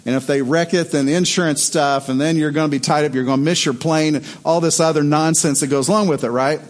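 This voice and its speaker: Animated, high-voiced male pastor preaching. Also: fast talker. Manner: animated storytelling, voice rising in excitement. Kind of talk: sermon.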